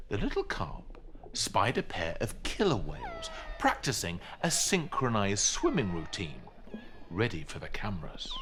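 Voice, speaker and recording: A man reading a children's picture book aloud, very animated, leaping into voiced sound effects. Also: measured pace, noisy background. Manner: highly animated, with big swings into sound effects. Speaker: storybook reader.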